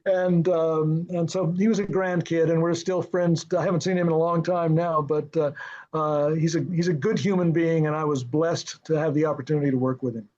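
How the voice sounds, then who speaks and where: At a fairly quick clip, an older film and television director recounts set anecdotes as an interview guest, his voice fairly high. He chuckles a lot, stays lively, and performs the quoted lines in other people's voices. The recording is a bit dull and lo-fi.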